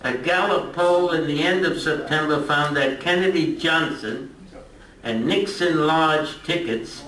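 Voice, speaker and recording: A man's voice: on the high side, a little slow, fairly bright tone. An older man giving an informal history lecture, chatty and joking with his audience. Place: lecture room at a retirement community. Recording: echoey room from a distant mic.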